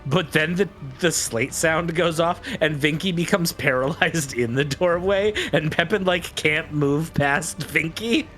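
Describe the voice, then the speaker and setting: A man's voice: a little high, measured pace, few pauses, a bit bright, slight background noise. A man serving as game master, describing scenes and calling for rolls in a laid-back way. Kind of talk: narrating a tabletop game.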